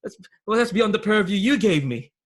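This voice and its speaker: A man's voice: high-pitched, expressive, a little fast, voice pushed up. A man voicing a sweaty, nervous male snuff dealer who stammers, repeats his words and keeps calling someone "sir", in a put-on accent.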